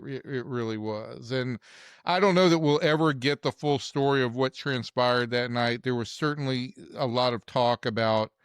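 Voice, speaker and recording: A man co-hosting a sports podcast, talking in a measured, reflective way. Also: mid-range voice, clean tone, no room sound, studio quality. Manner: measured, reflective, repeats words as he thinks. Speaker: podcast co-host, sports reporter. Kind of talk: casual sports chat.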